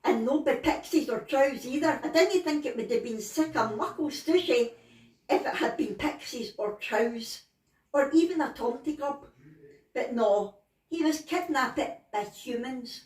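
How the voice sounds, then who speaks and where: A woman's voice: sits high, unhurried, a little mellow, voice pushed up. A Scottish woman voicing a small, blunt female truth pixie who speaks broad Scots. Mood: matter-of-fact. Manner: blunt, matter-of-fact Scots storytelling. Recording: roomy, distant from the mic.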